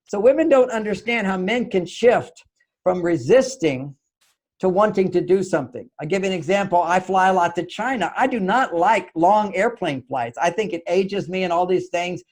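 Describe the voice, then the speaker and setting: An older man, a guest author on a talk show, telling animated stories and acting out quoted voices over a video call. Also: sits high, normal speed.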